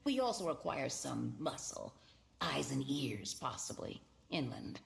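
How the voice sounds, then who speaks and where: An actress playing a cool, businesslike female agent with a crisp, precise manner. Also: rumbling low, very animated, unhurried, full character voice.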